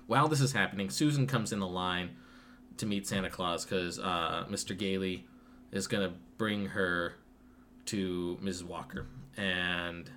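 A man with a lowish voice recaps a story in a loose, rambling way, full of fillers and casual swearing. Faint noise sits behind him. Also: fairly even intonation, a little slow, sharp tone. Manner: rambling, laid-back, profane, lots of fillers. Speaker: podcast co-host recapping a film. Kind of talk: casual retelling with acted quotes.

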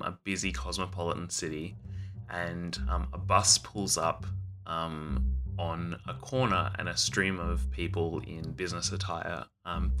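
Deep, bright-toned man narrating his tabletop character, halting, faint music behind. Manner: hesitant, with many fillers. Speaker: player.

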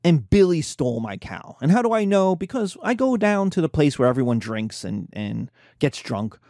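A man's voice: on the high side, moderate pace, no echo, studio quality. A man giving an informal lecture, telling stories and acting out the people in them. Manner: animated storytelling, acting out characters.

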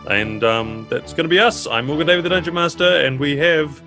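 A man, narrating a tabletop game as dungeon master in a measured, descriptive way. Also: fairly high pitch, music in the background.

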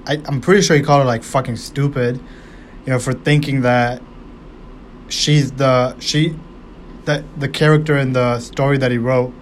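A man's voice: mid-range voice, a little hiss or hum. A man casually breaking down a movie, rambling and swearing, with lots of fillers and restarts. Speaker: movie reviewer.

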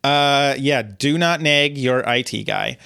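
A man's voice: mid-range voice, takes it slowly, vocal fry, sharp tone, clean tone. A man co-hosting a podcast in casual chat, rambling through stories with lots of fillers and restarts. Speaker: podcast co-host.

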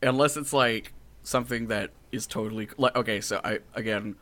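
A man chatting casually on a podcast in an animated, jokey way, talking about casting voice actors. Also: fairly low pitch, fairly quick. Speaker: podcast guest who casts voice actors.

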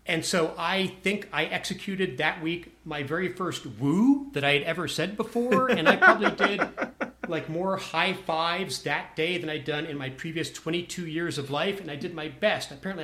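A man with a somewhat high-pitched voice recounts a personal anecdote to a listener. He talks casually, with wry, self-deprecating humor. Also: expressive, moderate pace, fairly bright tone.

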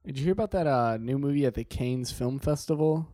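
A man's voice: medium pitch, a little fast, dark tone, no room sound. A young man co-hosting a casual podcast, joking around and swearing freely. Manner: joking, swearing, puts on a tough-guy voice. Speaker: podcast co-host. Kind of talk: casual chat.

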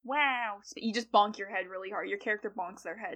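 A woman's voice: mid-range voice, a little fast, pushed and bright. A woman player in a tabletop game, joking in casual chat. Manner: giggly, joking.

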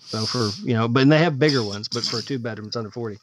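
A man's voice: mid-range voice, rapid-fire, noisy background. A man co-hosting a podcast in casual chat, rambling and searching for his words. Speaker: podcast co-host. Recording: dull, dry lo-fi podcast audio.

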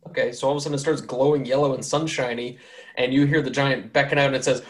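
A man's voice: mid-range voice, fairly even intonation, fast. A man hosting a tabletop game podcast, narrating casually with many fillers and frequent laughter. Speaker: game master and podcast host.

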